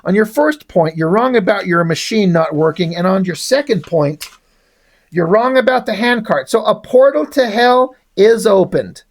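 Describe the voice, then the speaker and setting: A man's voice: high voice, expressive, normal speed. A man voicing a dry, wisecracking rock-skinned male hero from a comic, with a sarcastic edge. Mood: sardonic.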